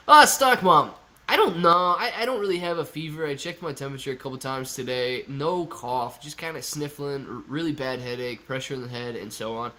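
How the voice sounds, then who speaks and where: With a cold clogging his voice, a man runs a live stream, chatting casually, reading out viewer comments and cracking jokes. He speaks fairly quickly in a high-side voice that is pushed and bright.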